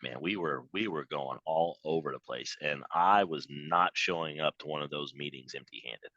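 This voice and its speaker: A man giving a motivational sales training talk over a video call, emphatic and animated, acting out quoted voices. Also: deep voice, dry recording, muffled recording. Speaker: business trainer.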